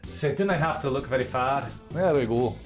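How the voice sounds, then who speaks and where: A man's voice: mid-range voice, animated, normal speed, music in the background. A man streaming a game, chatting casually and swearing a lot in a put-on Scottish accent. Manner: chatty, profane, jokey. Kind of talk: casual gameplay commentary.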